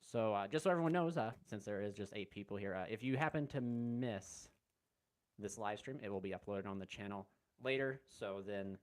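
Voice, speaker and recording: A man hosting a casual live stream, greeting chat viewers by name and rambling in a relaxed way from a room at home. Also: on the low side, normal speed. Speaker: livestream host. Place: room at home with window open.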